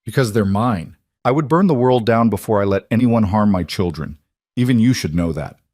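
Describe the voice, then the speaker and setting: A man's voice: fairly low pitch, animated, moderate pace, darkish tone, no room sound, studio quality. A man voicing a hard, commanding mafia boss. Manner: firm and commanding. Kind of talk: audiobook character voice.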